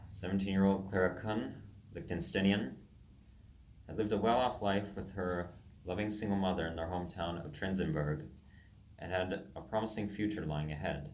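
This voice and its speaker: A young man with a very low, deep voice reads his own writing aloud in a casual, unpolished way. He trips over foreign names and fixes them aloud as he goes. The sound is roomy and echoey, with a faint hum behind it. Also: normal speed, a little mellow. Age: young adult. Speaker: amateur writer reading his own game stories.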